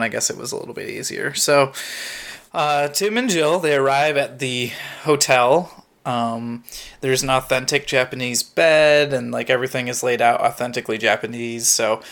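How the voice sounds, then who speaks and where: A male podcast co-host casually recapping a TV plot, stepping through events one by one with light laughter. His voice is bright and forceful at a middle pitch for a man. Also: fairly quick.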